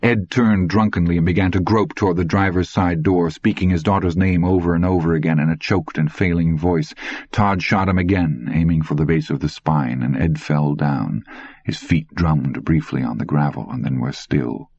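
A man's voice: deep voice, moderate pace, a little mellow, dry recording, lo-fi sound. A man narrating an audiobook with intense, dramatic storytelling.

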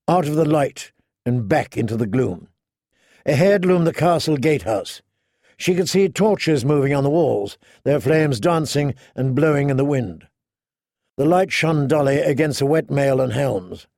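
A man reading a fantasy story aloud as narrator, measured and slowing down for dramatic emphasis. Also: mid-range voice, animated, vocal fry, a little mellow, dry recording, studio quality. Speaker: audiobook narrator.

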